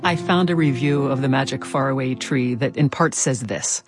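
A woman's voice: a bass voice, normal speed, few pauses, husky, faint music behind. A woman hosting a public radio interview, asking curious, conversational questions. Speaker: radio host.

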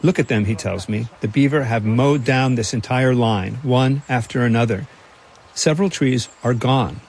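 A man reporting and narrating a radio feature in a measured, dry storytelling delivery. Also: mid-range voice, breathy edge. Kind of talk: scripted narration.

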